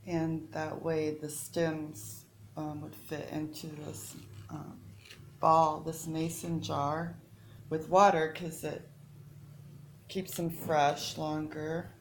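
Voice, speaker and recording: A woman's voice: low-pitched, flat delivery, takes it slowly. A woman chatting her way through a casual home cooking demonstration, rambling and interrupting herself as she goes. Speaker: home cook showing recipes. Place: home kitchen. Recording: echoey room with background noise.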